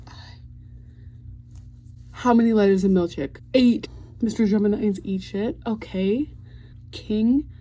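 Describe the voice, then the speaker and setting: A young woman talking loosely to her camera at home, rambling and swearing as she goes. Her voice is mellow and a bit husky, relaxed in tone. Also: medium pitch, highs cut off. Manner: chatty, swears freely, rambling fan rant. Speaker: vlogger. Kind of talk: casual vlog chat.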